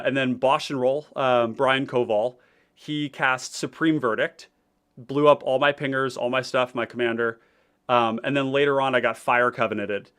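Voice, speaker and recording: A man chatting casually on a livestream, rambling with plenty of ums and restarts. He reads out viewer comments and plays through his deck in a relaxed, conversational way. His voice sits at an ordinary middle pitch. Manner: rambling, many fillers and restarts, reading chat aloud. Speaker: deck-building host.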